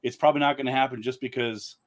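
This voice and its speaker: A man's voice: medium pitch, fairly even intonation, fast. A man speaking as a guest author in a casual live-stream chat, rambling with lots of "uh" fillers and restarts.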